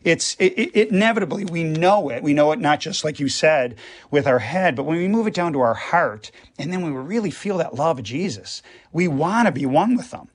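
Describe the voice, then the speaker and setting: A man's voice: fairly high pitch, animated, normal speed. A man, a priest, talking earnestly on a radio show and explaining with everyday examples. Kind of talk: radio conversation.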